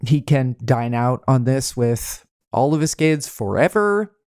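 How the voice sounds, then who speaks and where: A podcast co-host with a mid-pitched voice, chatting casually and wryly. They laugh often while steering the talk, and the recording is dry. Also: animated, unhurried, a little mellow, dry recording. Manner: wry, laughing, leading the segment. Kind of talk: casual chat.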